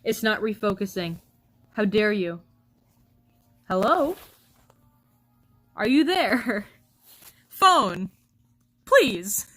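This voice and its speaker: A woman's voice: medium pitch, expressive, very slow, long pauses, fairly bright tone, faint music behind, poor audio. A woman streamer chatting casually with her viewers, laughing often and answering chat.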